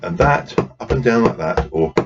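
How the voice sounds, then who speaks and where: A man's voice: medium pitch, expressive, normal speed. A man running a drumming workshop, patiently explaining rhythms and counting beats aloud while he plays. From England. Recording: dull lo-fi sound with noise.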